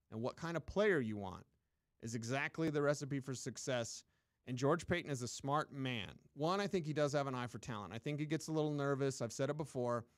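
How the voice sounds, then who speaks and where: A man's voice: mid-range voice, no room sound, clean studio sound. A man hosting a sports radio show, giving emphatic, opinionated talk and mocking people in put-on voices. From United States. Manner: emphatic, repetitive, mocking mimicry.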